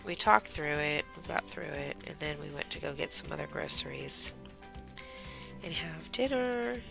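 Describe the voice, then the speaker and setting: Middle-aged woman rambling while she crafts, low gravelly voice, faint music in the back. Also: animated, normal speed. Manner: chatty, rambling storytelling. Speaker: craft livestream host. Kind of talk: casual chat while crafting.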